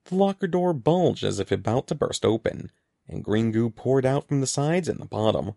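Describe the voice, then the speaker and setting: A man reading a children's story aloud as scripted narration, in a lively, expressive way. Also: medium pitch, normal speed, creaky, dry recording, clean studio sound. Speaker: audiobook narrator.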